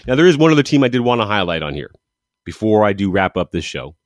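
This clean, dry studio recording has a football show host going over results in a casual commentary monologue. His low-ish voice is very animated and fast, and his enthusiasm spills into rambling, with frequent restarts and self-corrections.

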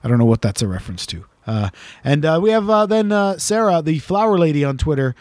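A man with a somewhat high voice hosts a podcast in casual chat, reading out listener messages. His delivery rambles and teases, full of ums and restarts. The sound is dry and close, with little room around it. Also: very animated, fast, a little mellow, no echo. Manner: teasing, rambling with many fillers. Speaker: podcast co-host.

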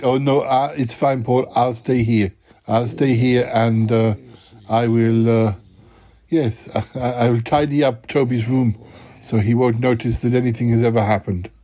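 A man's voice: medium pitch, steady tone, a little slow, dark tone, lightly acted. A man voicing a shy, fussy male housemate who stammers and hesitates. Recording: dull lo-fi recording.

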